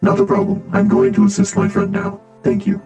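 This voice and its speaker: A courteous male alliance agent, as a game master puts him on, polite and matter-of-fact. His voice sits a little high, with dark, mellow warmth. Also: monotone, fairly quick, soft background music.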